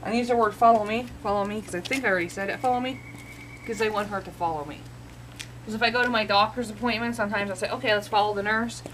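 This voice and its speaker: A woman's voice: fairly even intonation, racing, a bit bright, slight background noise, low-quality recording. A woman talking casually to a camera while training her service dog outdoors, explaining commands with examples. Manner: chatty, explaining with examples, acts out the dog's greetings in a high voice. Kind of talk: casual vlog narration. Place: outdoors near a bait shop.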